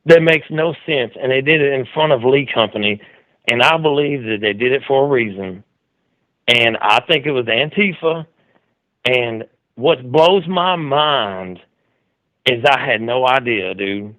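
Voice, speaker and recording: A man's voice: medium pitch, unhurried, fairly bright tone, no echo, rough recording. A man hosting a call-in show, telling a story loosely, with lots of restarts and "dude". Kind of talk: casual rambling commentary. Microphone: studio mic with mixer.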